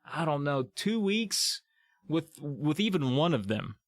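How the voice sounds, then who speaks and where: A man's voice: fairly high pitch, big pitch swings, unhurried, no room sound, studio quality. A man co-hosting a podcast, chatting casually with playful, drawling asides. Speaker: podcast co-host.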